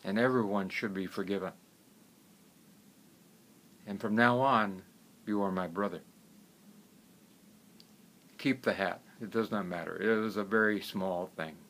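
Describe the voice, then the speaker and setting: A man voicing a wealthy man from long ago, quick-tempered yet forgiving, speaking in a raised, emphatic voice. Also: on the low side, fairly even intonation, fairly bright tone. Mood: gentle.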